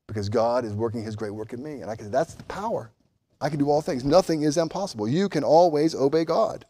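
A pastor preaching a sermon, building to loud emphatic peaks and then dropping to a quiet, earnest tone, often repeating words as he goes. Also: mid-range voice, fast talker. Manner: impassioned, rising and falling emphasis, repeats words; addresses children directly at times.

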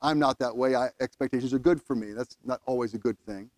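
A man's voice: medium pitch, quick pace, darkish tone, dry recording. A man preaching a sermon in a conversational way, stumbling over restarts and rising emphatically when he quotes scripture. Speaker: pastor.

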